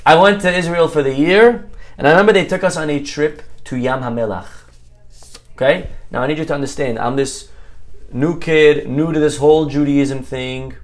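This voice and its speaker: A man, a rabbi from Brooklyn, giving a sermon and telling a story with lively acted-out dialogue and frequent "okay?" asides. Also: fairly high pitch, moderate pace.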